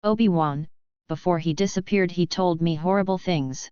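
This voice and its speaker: A woman's voice: on the low side, normal speed, a little mellow, smooth, no room sound, lightly acted. A woman reading a story, voicing a heartbroken young woman who pleads tearfully with her husband, on a dull lo-fi recording. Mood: pleading.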